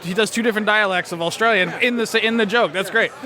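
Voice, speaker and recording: A man's voice: high-pitched, fast talker. A man hosting a podcast outdoors, joking and teasing in casual chat into a handheld microphone. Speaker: podcast host. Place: outdoors at a highland games. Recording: loud crowd and bagpipe music.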